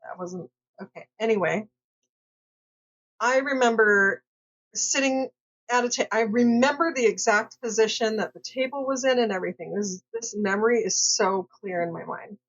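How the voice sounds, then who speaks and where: A woman's voice: fairly high pitch, normal speed. A woman from Southern California telling a personal story in a casual, rambling way, hesitant and full of fillers and self-corrections. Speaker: vlogger. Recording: dull lo-fi recording.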